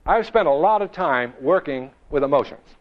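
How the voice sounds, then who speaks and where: Guy running a motivational seminar, kinda high voice, asks the crowd stuff, dull lo-fi audio. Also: lively intonation, moderate pace. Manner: emphatic, rhetorical questions, shifts pace and volume for effect. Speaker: motivational speaker. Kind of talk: seminar talk to a live audience. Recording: dull lo-fi recording.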